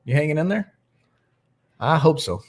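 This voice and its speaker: A man's voice: a little high, very animated, normal speed, slight background noise. A young man hosting a nightly recovery livestream, chatting casually and greeting viewers by name.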